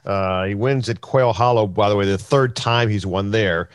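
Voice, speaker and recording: Dry-voiced man, animated golf storyteller. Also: on the low side, moderate pace, smooth, dry recording. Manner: animated storyteller, many fillers and quoted voices. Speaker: host. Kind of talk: casual golf chat and storytelling.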